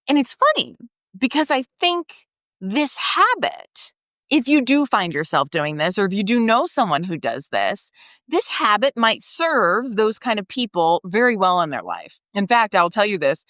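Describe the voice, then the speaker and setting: Chatty woman with a lively voice. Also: medium pitch, dry recording, clean studio sound. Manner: conversational, many "like" fillers, laughs often. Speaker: podcast host and hypnotherapist. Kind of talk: guided reflection and personal storytelling.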